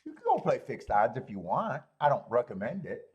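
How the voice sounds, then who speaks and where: A man's voice: mid-range voice, very animated, moderate pace, breathy edge, dull audio. A man hosting a live horse racing stream, rambling and joking while greeting viewers in chat.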